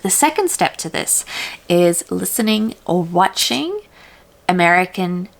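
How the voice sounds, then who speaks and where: A woman's voice: animated, vocal fry. A woman from South Africa giving chatty, emphatic advice to camera as a vlogger. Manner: chatty and emphatic, with quick jumps in pitch. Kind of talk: casual talk to camera.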